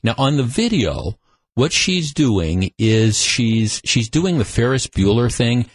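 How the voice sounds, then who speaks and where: A man's voice: mid-range voice, sing-song, takes it slowly, husky. Chatty male talk radio host. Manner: conversational storytelling with frequent restarts. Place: radio studio. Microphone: studio microphone.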